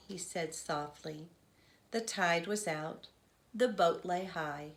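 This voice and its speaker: A woman reading a children's novel aloud in gentle, unhurried narration. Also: on the low side, vocal fry. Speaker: reader.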